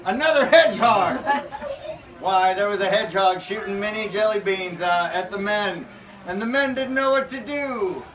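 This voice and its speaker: A man's voice: high-pitched, moderate pace, crowd noise. A man improvising a silly comic story with an audience, playful and often laughing mid-sentence, outdoors at a faire. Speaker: costumed pirate storyteller at a faire. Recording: distant, noisy outdoor faire recording.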